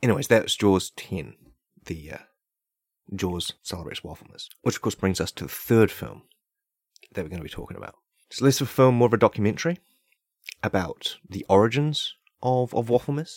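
Low-voiced man riffing in mock earnest. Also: moderate pace, a little mellow, husky, no room sound, clean studio sound. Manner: mock-earnest, tongue-in-cheek praise of absurd ideas; loose, filler-heavy riffing with many "like" and "right?". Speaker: podcast host. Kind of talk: rambling comedic monologue. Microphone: podcast microphone.

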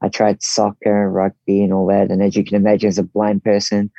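A relaxed man with a New Zealand accent, chatting as a podcast guest. His voice sits low and mellow, recorded close and dry. The sound is a little dull and lo-fi. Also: fairly quick, vocal fry, no echo. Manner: relaxed, easygoing, voices others' quotes in his telling. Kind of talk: casual storytelling interview.

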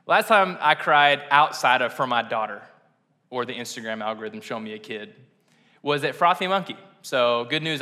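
In a church sanctuary with long reverb, a young man preaches in a mid-range voice that's pushed and bright. His sermon feels casual and chatty, and he often laughs at himself in a self-deprecating way.

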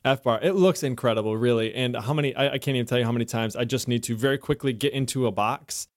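American man, mid-pitched voice, dry close mic, chatty enthusiastic podcast host. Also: quick pace, no room sound. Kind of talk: casual tech podcast chat.

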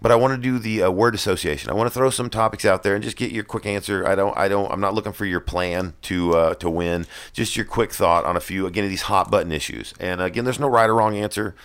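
Deep-voiced man, casual podcast host. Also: fast, few pauses, a bit bright, clear, resonant tone. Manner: self-deprecating, rambling, chuckling at own jokes. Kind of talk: casual chat.

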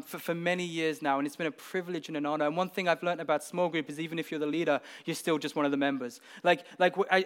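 A man's voice: fairly high pitch, fairly bright tone, clean tone. A man preaching a sermon, earnest and building to emphatic peaks, often repeating words as he goes.

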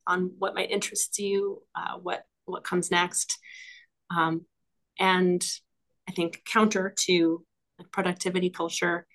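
A woman's voice: on the low side, a bit bright. A woman speaking as a guest on a podcast, in a reflective, enthusiastic way, with frequent fillers and small laughs. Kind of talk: casual conversational interview.

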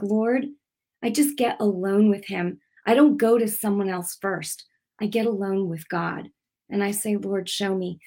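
A woman's voice: mid-range voice, warm tone, husky. Earnest woman preaching without notes. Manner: earnest, conversational, with restarts; unscripted, speaking without notes. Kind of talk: informal sermon.

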